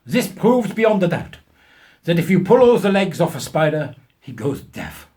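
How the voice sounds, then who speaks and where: A man voicing a pompous little male German professor who lectures on spiders, using a put-on German accent and a grandiose, booming delivery. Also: sing-song, moderate pace, darkish tone.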